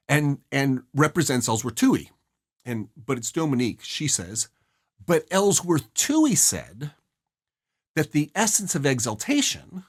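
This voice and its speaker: A man presents a study guide in an earnest, emphatic way. His slightly husky voice swings widely in pitch and jumps high on the words he wants to stress. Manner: earnest, emphatic, rises sharply on key phrases. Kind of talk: explaining a novel's scene and song lyrics.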